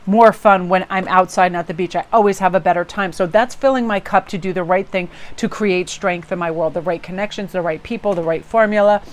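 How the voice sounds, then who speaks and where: An effusive woman telling a story in a casual vlog. She reads tarot and gushes as she goes, slipping into the voices of the people she quotes. Her talk is relaxed and chatty, the way she would speak to a friend. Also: medium pitch. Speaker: tarot reader.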